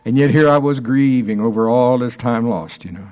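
Halting man in his sixties teaching. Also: mid-range voice, a little mellow. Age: 60s. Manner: halting, stops and restarts often, chuckles between thoughts. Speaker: minister teaching a small group. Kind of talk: informal teaching talk.

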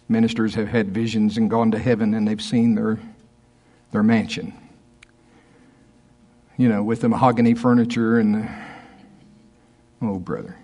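Male pastor, low husky voice, relaxed conversational preaching, chuckles between points. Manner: conversational preaching, laughs often, slows to stress scripture. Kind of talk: sermon.

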